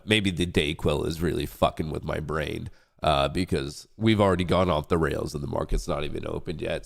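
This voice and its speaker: A man's voice: low-pitched, vocal fry. A young man hosting a casual trading livestream, congested and stuffy-nosed, rambling and joking about himself between updates. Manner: rambling, joking, self-hyping. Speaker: livestream trading show host.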